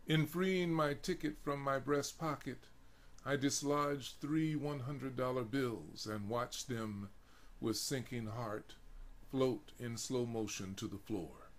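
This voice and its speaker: Slow, deliberate male storyteller. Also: mid-range voice. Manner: slow, deliberate, vivid delivery. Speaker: narrator. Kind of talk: dramatic reading of first-person prose. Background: marimba music.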